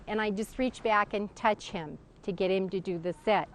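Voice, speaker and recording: A woman's voice: mid-range voice, moderate pace. Casual woman dog trainer explaining commands. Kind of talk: spoken instruction with demonstration.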